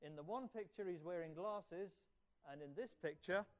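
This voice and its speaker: A man's voice: high-pitched, moderate pace, dull audio. A man in his fifties telling a children's story in church, asking the kids questions and praising their answers. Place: church hall.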